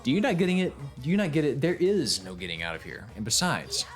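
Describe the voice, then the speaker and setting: Sneering robot bear headmaster from a video game read by a streamer, lively pitch, faint music under. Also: male voice, fast talker. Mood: mocking. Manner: sneering, theatrical taunting. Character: gloating mocking robot bear headmaster, male. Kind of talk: reading game dialogue aloud on stream.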